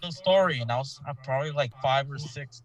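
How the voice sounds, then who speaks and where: A man's voice: medium pitch, brisk, muffled recording. A young man with a Mexican Spanish accent, casually telling a childhood story and slipping into Spanish words. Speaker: podcast guest. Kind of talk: casual chat.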